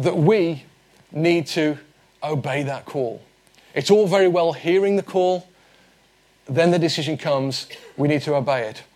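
A man in his forties preaching, his voice sitting a little higher than most men's. He talks to the congregation in an earnest, conversational way and slips in light humor. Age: 40s. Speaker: pastor. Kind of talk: sermon.

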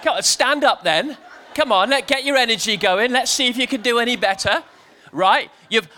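A man giving a playful family church talk, telling a joke and then coaxing the congregation to join in. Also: extremely high pitch. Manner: lively, playful, coaxing the crowd. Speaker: preacher.

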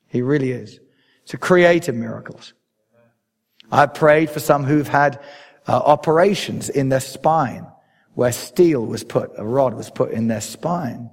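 An English man preaching a sermon, driving his points home with rising emphasis. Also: unhurried. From England. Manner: emphatic preaching with swells in pitch and loudness. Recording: long hall reverb.

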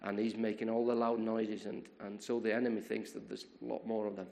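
A man preaching a sermon, retelling a story in a lively way, often repeating words and restarting his sentences. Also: on the low side, brisk, vocal fry, slight background noise.

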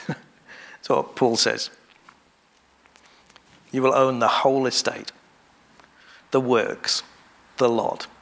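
A man preaching to his congregation with a gravelly, creaky edge to his voice. He speaks in a measured way, pausing often and going back over his phrases. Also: mid-range voice, level tone, fairly bright tone. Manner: measured, with pauses and restarts. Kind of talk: sermon.

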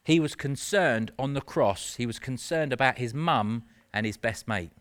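A man's voice: mid-range voice, moderate pace, a bit bright. A man preaching a sermon in an earnest, conversational way, with self-mocking asides.

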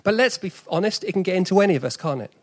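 A man's voice: high voice, expressive, very fast. A man in his forties with a South East London accent, preaching an earnest, conversational sermon with sudden emphatic rises.

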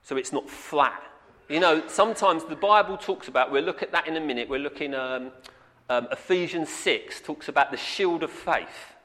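A man's voice: on the high side, moderate pace, bright, forceful tone. A man preaching a sermon, earnest and repetitive, often calling out "amen". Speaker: pastor. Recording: long reverb in a hall.

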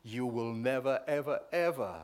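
A male preacher delivers an emphatic sermon at a middling pitch. He swells loud on key words and keeps checking in with his listeners with a quick "right?".

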